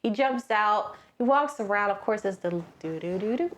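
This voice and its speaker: A woman co-hosting a comedic movie recap podcast, animated and quick to jump into shrill character voices.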